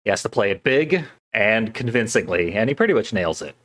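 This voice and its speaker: A man co-hosting a podcast, giving a relaxed play-by-play recap of a movie and laughing often. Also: lowish voice, fairly quick. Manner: laid-back play-by-play recapping with frequent laughs. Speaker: podcast co-host recapping a film. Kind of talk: casual chat.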